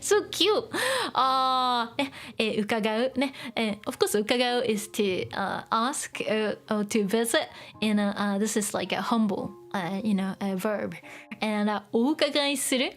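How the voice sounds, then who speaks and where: A woman's voice: a little high, unhurried. A woman teaching Japanese in a casual lesson, chatting loosely between English and Japanese with many fillers and small laughs.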